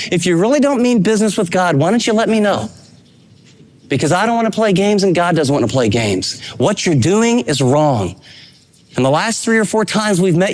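A man with a notably high voice delivers a sermon from the pulpit. He reads scripture and urges his listeners on with emphatic, fatherly exhortation. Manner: preaching with urgent emphasis. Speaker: pastor.

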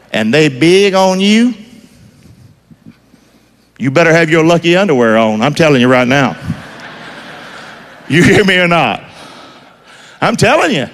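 Preacher booming in a hall. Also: male voice. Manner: call-and-response, quizzing the congregation; folksy, emphatic preaching. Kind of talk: sermon.

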